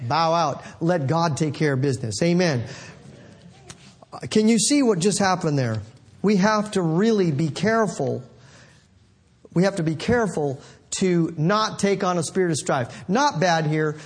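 A man preaching a sermon in an animated, conversational way, calling out to the congregation. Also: a little high, unhurried, husky.

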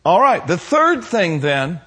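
A man preaching a sermon to his congregation, building to shouted passages and calling for responses. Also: high voice, big pitch swings, slow, slightly rough. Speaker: pastor.

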